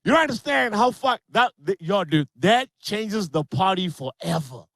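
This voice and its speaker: A man doing a crude, animated online stand-up set, slipping into character voices. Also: high-pitched, normal speed, gravelly, no echo. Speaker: stand-up comedian.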